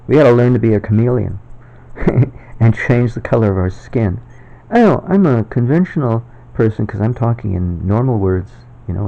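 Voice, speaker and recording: At home, a man making his own video talks in a casual, rambling monologue, chuckling often. His voice is medium-pitched and dark with vocal fry, and the recording sounds dull and lo-fi.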